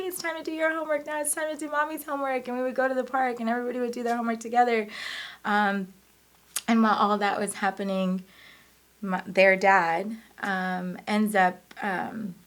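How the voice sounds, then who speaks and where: A woman's voice: medium pitch, a bit bright. A woman in her thirties telling her life story in an interview, earnest and emotional, often laughing as she speaks. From United States.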